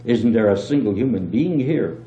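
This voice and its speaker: A man's voice: mid-range voice, expressive, normal speed, natural voice. A man doing a frantic, outraged traveler. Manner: outraged, shouting complaints. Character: indignant, frantic traveling businessman. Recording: dull, roomy old home tape with hum.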